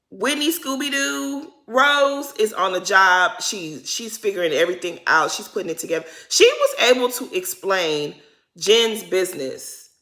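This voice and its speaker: A woman giving a casual reality-TV recap, chatty and slangy, swinging between loud emphasis and muttered asides. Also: lowish voice. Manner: chatty, slangy and dramatic, addressing viewers as "y'all". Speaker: recap vlogger.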